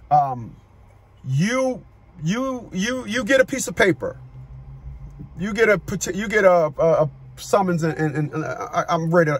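A middle-aged man who coaches people on child support, talking forcefully on a call, cursing and repeating words as he starts sentences. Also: a little high, slightly rough. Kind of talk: phone consultation with a caller.

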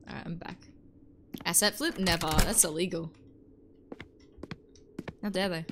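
A woman's voice: lowish voice, steady tone, measured pace, noisy background. Chatty woman streaming a horror game. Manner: chatty, joking, reads out chat, yawning. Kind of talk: casual live-stream chat while gaming.

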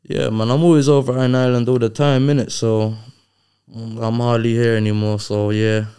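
A man's voice: medium pitch, flat delivery, moderate pace, dark tone, smooth. A man being interviewed as a guest rapper, talking bluntly in casual chat with heavy street slang. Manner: blunt, street slang, says "bro" and "innit" a lot.

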